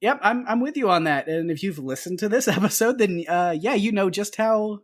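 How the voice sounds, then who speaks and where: A man's voice: sits high, expressive, normal speed. A man co-hosting a casual podcast, easygoing and laughing often as he chats. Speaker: podcast co-host.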